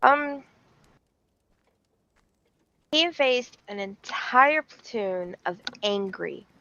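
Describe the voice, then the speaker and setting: A woman's voice: fairly high pitch, extremely slow, no room sound, muffled recording. Theatrical woman telling a story on stream. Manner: animated, theatrical, laughing often. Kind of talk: playful live-stream storytelling.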